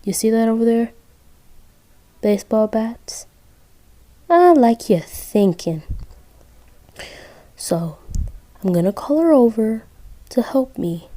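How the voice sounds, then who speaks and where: A woman's voice: on the high side, lively intonation, slow pace, pauses often, mellow. A woman voicing a foul-mouthed, scheming male killer doll who swears and eggs the listener on. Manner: crude, swearing, egging on.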